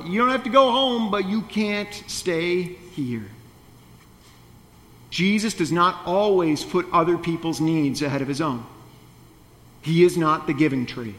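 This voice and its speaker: A man's voice: on the high side, fairly bright tone, big-room sound. A male pastor delivering a sermon in a conversational, playful way, with wry asides.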